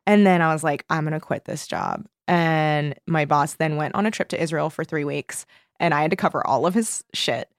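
A young woman co-hosting a podcast, telling a story in casual chat, animated and swearing freely. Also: low voice, brisk, no echo, studio quality. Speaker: podcast co-host.

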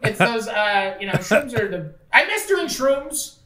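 A woman's voice: on the high side, big pitch swings, measured pace, over a noisy crowd. A woman from Canada, rambling profanely in casual chat, full of "like". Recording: roomy, distant from the mic.

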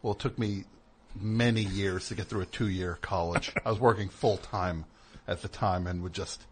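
Husky male host, chatty and rambling. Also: low voice, fairly even intonation, normal speed. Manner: chatty, frequent affirmations, rambling asides. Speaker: radio host. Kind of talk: casual interview chat.

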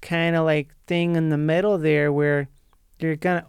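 A man's voice: a little high, flat delivery, normal speed, clear, resonant tone, dry recording, clean studio sound. A man from Minnesota, a comedian guest chatting casually and jokily on a podcast. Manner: jokey, riffs into character voices.

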